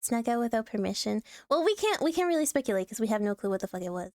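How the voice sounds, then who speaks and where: A woman with a fairly high voice, chatting casually on a live stream. She swears freely, clears her throat often and breaks into laughter. The sound is dry and close, with no room echo. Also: very animated, fast, darkish tone. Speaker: streamer reacting to online posts.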